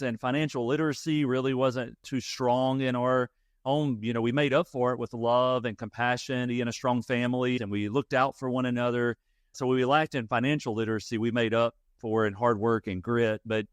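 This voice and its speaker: A man in his forties speaks with a Louisiana country accent touched by Texas twang, folksy and quick to laugh as he tells his story. His voice sits at a middle pitch, recorded close and dry with no room sound around it. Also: no room sound. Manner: folksy, laughs easily, reflective. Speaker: guest. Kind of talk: casual interview storytelling.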